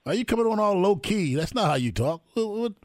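A man's voice: sits high, very animated, brisk, darkish tone, no echo, studio quality. A man hosting a morning sports radio show, brash and teasing with his guest.

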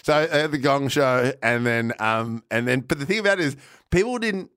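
A man's voice: mid-range voice, animated, normal speed, a bit bright, clear, resonant tone, dry recording, studio quality. An Australian man and comedian telling a rambling story in casual podcast chat, full of restarts and laughter.

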